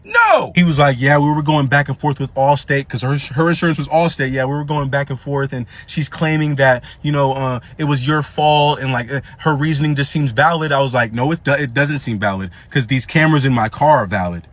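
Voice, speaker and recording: A young man casually telling a story in slangy, animated speech, acting out the dialogue. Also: medium pitch, fairly quick, hardly any pauses.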